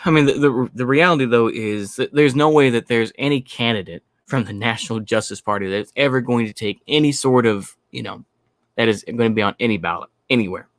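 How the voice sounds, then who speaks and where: A man's voice: medium pitch, fairly quick, no room sound. Male stream host, blunt profane ranting, dry close mic. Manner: blunt, profane, repeating himself. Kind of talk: ranting commentary.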